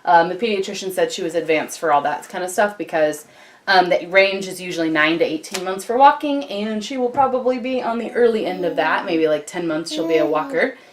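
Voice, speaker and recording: A woman's voice: lowish voice, lively intonation, brisk. A young woman, a mother and vlogger, chatting casually to the camera at home, with plenty of ums and likes. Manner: chatty, many ums and likes, breaks off to talk to baby. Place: home, indoors. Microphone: camcorder on a tripod.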